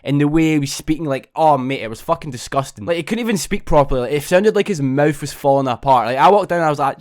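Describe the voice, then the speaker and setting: A man's voice: a little high, lively intonation, quick pace. A young man tells a story casually to camera. He rambles, swears constantly, and tags his sentences with "right?". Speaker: vlogger.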